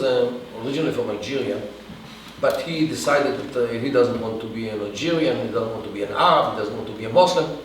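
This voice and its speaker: A man answering an audience question in a halting lecture style, with many restarts and pauses. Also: mid-range voice. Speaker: guest speaker. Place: event hall. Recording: echoey room from far off, faint hiss.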